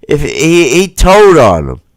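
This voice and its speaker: A man hosting a livestream offers casual, profane commentary on footage, imitating the people in it and firing rhetorical questions at viewers. His slightly high voice swoops wildly in pitch, his pace is slow, and the audio has no room sound.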